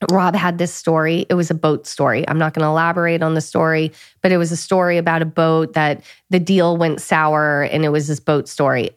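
A woman co-hosts a podcast, giving earnest, practical advice and slowing down to stress her points. Her voice sits low for a woman. It is recorded dry and close, with no room sound. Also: no room sound. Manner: earnest, advising, slows for emphasis. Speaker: podcast co-host. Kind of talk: casual podcast chat.

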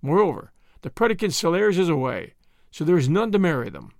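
A man's voice: fairly high pitch, very animated, brisk, vocal fry, dry recording, clean studio sound. A man voicing a stubborn, sullen Boer father who speaks sulkily and flares into anger. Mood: angry. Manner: sulky and stubborn.

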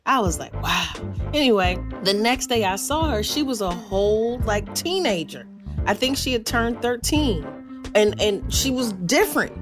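A woman from Philadelphia chats casually and tells stories animatedly, slipping into quoted voices as she goes. Music plays clearly under her voice. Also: medium pitch, animated, moderate pace. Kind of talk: casual chat.

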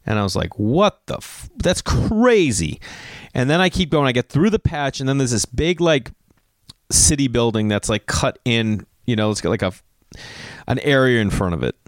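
A man's voice: medium pitch, expressive, brisk, no echo, clean studio sound. A middle-aged man hosting a podcast, rambling through a profane story with lots of digressions and acted-out quotes. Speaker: podcast host. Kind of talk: casual rambling monologue.

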